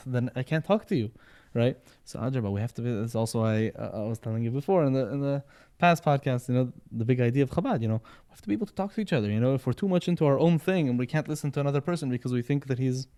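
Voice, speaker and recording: A man of Sephardi background, with a medium-pitched, dark-toned voice, chats casually on a podcast. He rambles and repeats words, frequently checking in with "right?" and "you know."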